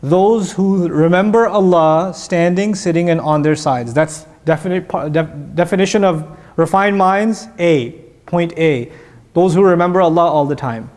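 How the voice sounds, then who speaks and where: Here a male Islamic teacher, his voice sitting high and his delivery a little slow, explains Quran verses. He brings the lecture to life with energetic stories and questions directed at the audience.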